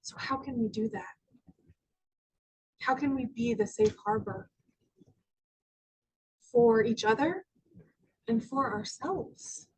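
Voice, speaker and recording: A woman minister giving a spiritual talk to a congregation, telling personal stories and sometimes dropping to a soft near-whisper. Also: on the high side, slow, pauses often, breathy edge, poor audio. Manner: storytelling, acting out quoted voices, dropping to soft near-whispers. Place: church sanctuary with audience.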